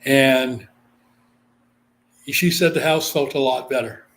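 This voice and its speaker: A man from Guam, talking as a guest on an interview show at a middling pitch. He tells a long story in a loose, chatty way, drops "you know" often and slips into the voices of the people he quotes. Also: slow, fairly bright tone. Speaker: psychic medium, interview guest.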